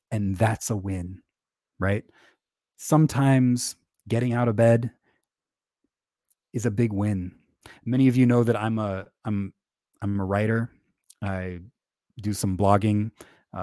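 A man's voice: lowish voice, dark tone, dry recording, studio quality. A man hosting a podcast, talking candidly and with self-deprecating humor, chuckling often and restarting his sentences. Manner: conversational, with many fillers and restarts. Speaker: podcast host. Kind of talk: casual podcast monologue on faith.

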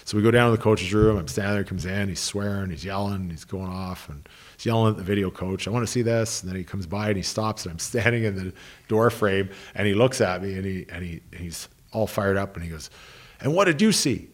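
Deep-voiced man telling hockey stories. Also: steady tone, brisk. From Canada, Ottawa. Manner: rambling, restarts sentences, frequent "you know". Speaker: former pro hockey player and coach, guest. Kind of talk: casual interview storytelling.

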